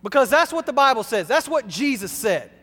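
A male pastor delivering an emphatic sermon, swinging between loud and hushed. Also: very high voice, big pitch swings, a little fast. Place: church sanctuary. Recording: long hall reverb.

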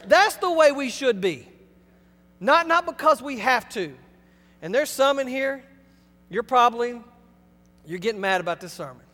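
A male pastor delivering an emphatic sermon, swinging between loud and hushed. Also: sits high. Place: church sanctuary. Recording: long hall reverb.

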